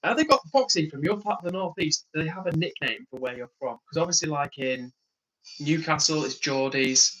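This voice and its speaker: Bright-voiced tired man chatting on stream. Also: on the high side, expressive, brisk, a little hiss or hum, rough recording. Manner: chatty, laughs often, reads chat aloud. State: tired, yawning. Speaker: livestream host. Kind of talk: casual live-stream chat reading comments.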